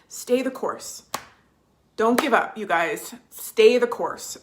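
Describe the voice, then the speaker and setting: A woman vlogging from home, chatting casually with viewers, restarting sentences and reading out their comments. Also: a little high. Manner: warm, chatty, reads viewer comments aloud; restarts sentences, fillers, emotional at times.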